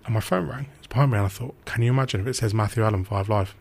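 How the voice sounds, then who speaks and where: A young man, a football radio reporter telling animated anecdotes in casual chat and acting out quotes. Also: fairly low pitch, very fast, gravelly, breathy edge.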